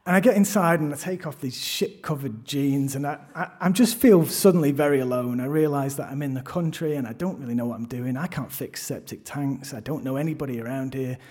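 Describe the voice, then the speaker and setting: A man's voice: mid-range voice, brisk, few pauses, darkish tone, breathy edge. Wry man telling a story. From London, England. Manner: self-deprecating, wry, frequent restarts. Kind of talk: live first-person storytelling. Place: theatre stage.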